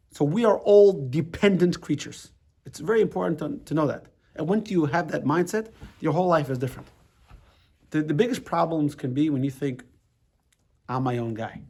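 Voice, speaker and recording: A man's voice: on the high side, a little mellow, breathy edge. American man teaching a chatty class. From United States. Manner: conversational, repeats words and restarts, asks the room "right?". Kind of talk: casual classroom lesson.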